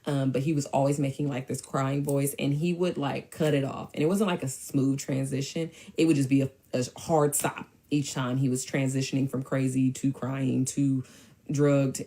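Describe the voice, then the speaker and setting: A woman's voice: very deep voice, level tone, moderate pace, warm tone. A woman telling a personal story in casual storytime fashion, blunt and offhand with slang.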